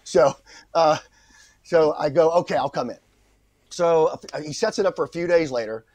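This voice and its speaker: A man's voice: on the high side, normal speed, no echo. A middle-aged man, an actor guest, telling an anecdote and acting out the voices of the people in it. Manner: animated, acts out voices in his stories. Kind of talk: anecdotal storytelling.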